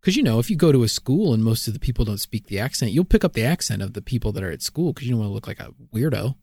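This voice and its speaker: A man co-hosting a podcast in casual chat, relaxed and explaining things with many fillers. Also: mid-range voice, racing, vocal fry, breathy edge, no room sound, clean studio sound. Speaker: podcast co-host.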